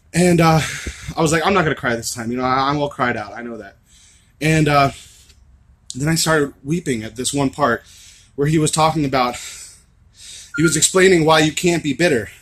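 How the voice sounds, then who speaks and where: A young man with a raspy voice, talking earnestly and rambling to camera in a confessional vlog. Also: a little high. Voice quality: raspy from screaming. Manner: earnest, rambling, swings from shouting to laughing to soft musing. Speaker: vlogger.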